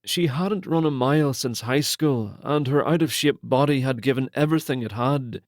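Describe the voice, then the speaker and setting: A man narrating a romance novel in a steady, measured storytelling manner on a close studio mic. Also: mid-range voice, no echo. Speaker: audiobook narrator.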